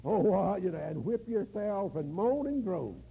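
An older man preaching in a folksy, storytelling way, leaning on slow, drawn-out words to make a point. His voice sits fairly high and swings widely, with a gravelly, husky texture. The tone stays mellow rather than sharp. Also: very animated, low-quality recording. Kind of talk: sermon.

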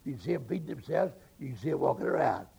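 A man preaching, telling a story slowly with drawn-out, emphatic phrasing and a gravelly voice. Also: mid-range voice, very animated, warm tone, lo-fi sound. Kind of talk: storytelling sermon.

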